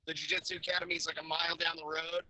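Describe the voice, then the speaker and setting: A man's voice: on the high side, level tone, rapid-fire, sharp tone, rough recording. A man, a guest on a talk stream, chatting casually and joking while calling in from a car over a glitchy connection that makes him sound robotic. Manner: laid-back, joking, repeats words at starts. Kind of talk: casual chat. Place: in a vehicle on a weak connection.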